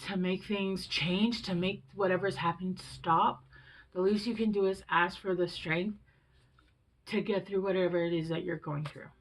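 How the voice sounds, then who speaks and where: A woman's voice: mid-range voice, poor audio. A woman in her thirties reading tarot in a loose, chatty way. She swears without a second thought and keeps coming back to a reassuring, coaching tone aimed at her listeners. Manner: candid, conversational, swears freely. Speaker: tarot reader.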